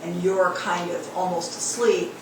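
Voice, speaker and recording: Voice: medium pitch, little pitch movement, a little slow. A student speaking up tentatively in a classroom discussion, thinking aloud. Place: college lecture room. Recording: distant echoey room with noise.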